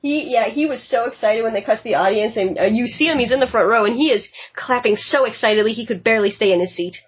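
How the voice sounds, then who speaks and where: A woman's voice: a little high, quick pace, husky. A woman co-hosting a podcast, chattily recapping a TV show, laughing and acting out quotes. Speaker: podcast co-host. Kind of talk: casual chat recapping a TV show. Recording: muffled lo-fi audio.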